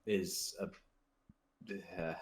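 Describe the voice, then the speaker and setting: A young man on a casual podcast with a somewhat low voice. He talks bluntly and swears freely. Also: big pitch swings, very slow, creaky, roomy sound. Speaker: podcast co-host. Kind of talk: casual chat.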